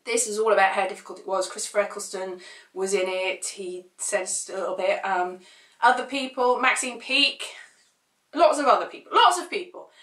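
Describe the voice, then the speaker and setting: A woman's voice: mid-range voice, moderate pace, fairly bright tone, echoey room. A woman chatting casually to camera, rambling through opinionated points with sarcastic asides. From United Kingdom. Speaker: vlogger.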